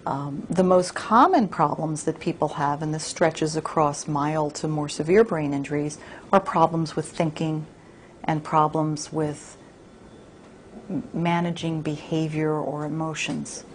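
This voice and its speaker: Low-voiced woman explaining, measured. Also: fairly even intonation, a little hiss or hum. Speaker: brain injury expert. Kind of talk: explanatory interview.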